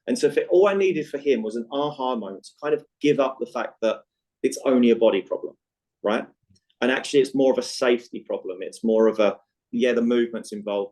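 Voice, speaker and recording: A man with a voice of ordinary pitch tells stories on a podcast as a guest coach. He is animated and conversational, often pausing to ask "right?" and acting out bits of dialogue. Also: low-quality recording. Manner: animated, repeats "right?" to check in, acts out dialogue. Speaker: guest, movement coach for chronic pain.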